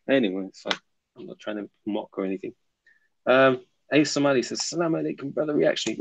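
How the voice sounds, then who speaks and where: Casual male streamer with mid pitch and a gravelly edge, answering viewer chat on a slightly dull home-stream recording. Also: expressive, fast talker. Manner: reads viewer comments aloud and answers them, laughs often. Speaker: livestream host reading chat.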